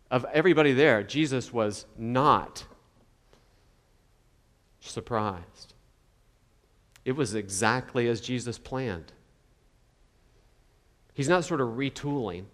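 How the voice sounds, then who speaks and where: A man's voice: mid-range voice, fairly bright tone, long reverb tail. A man preaching a sermon in a conversational way, now and then acting out the voices of the people he quotes. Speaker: pastor.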